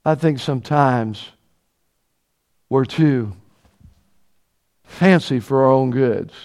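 A man preaching a sermon, reading scripture slowly and swelling from quiet asides into passionate cries. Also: mid-range voice, vocal fry.

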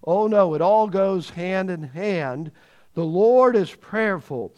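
A man preaching a sermon, emphatic, repeating key words for stress and swinging between loud and hushed delivery. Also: sits high, lively intonation, takes it slowly.

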